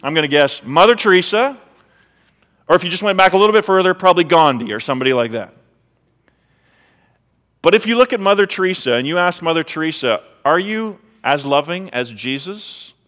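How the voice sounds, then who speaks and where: A man's voice: high-pitched, expressive, quick pace, pauses often, fairly bright tone, big-room sound. A man pastor preaching a sermon in a conversational way, full of rhetorical questions, in a church sanctuary.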